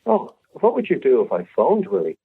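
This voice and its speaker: A woman's voice: deep voice, huge pitch swings, moderate pace, vocal fry, slightly rough, pitched above the performer's own voice, heavily acted. An incredulous cafe owner, a middle-aged woman put on by a man retelling a story, fires off surprised questions in a voice pushed well above his own. The sound is thin and boxy, like a phone line. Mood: probing.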